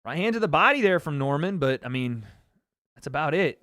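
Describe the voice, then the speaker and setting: A young man hosting a livestream, talking in a fairly high voice with loose, excitable energy. He swears freely and reacts on the fly. The sound is dry and close, with no room around it. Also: brisk, no echo. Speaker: livestream host. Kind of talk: casual live fight-watching commentary.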